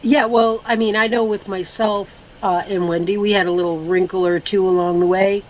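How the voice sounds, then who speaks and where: A woman's voice: mid-range voice, steady tone, moderate pace, darkish tone, slight background noise, rough recording. A woman guest in a casual live chat, talking bluntly with plenty of fillers and free swearing. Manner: blunt and loose, swears freely, lots of fillers. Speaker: guest speaker.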